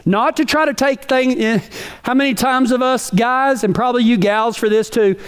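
A man's voice: very high voice, normal speed, clean tone. A man preaching a sermon in a folksy, emphatic way, full of rhetorical questions.

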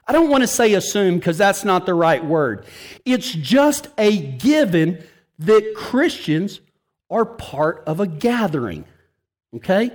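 A man's voice: high voice, sing-song, takes it slowly. A man preaching a sermon, telling folksy, joking stories and laughing at his own punchlines. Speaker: pastor. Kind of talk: storytelling sermon.

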